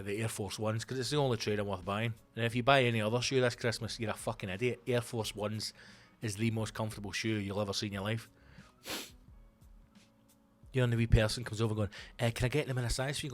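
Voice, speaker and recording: Scottish male comic host, thirties, mid-pitched, profane anecdotes, light music bed. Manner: swearing, animated storytelling with voiced asides. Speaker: comedian podcast host. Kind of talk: casual comic monologue.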